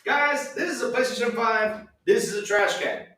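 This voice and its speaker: A man hosting a casual live stream, reacting excitedly with mock outrage and talking straight to his chat. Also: very high voice, moderate pace, reverberant, background noise. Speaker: streamer host.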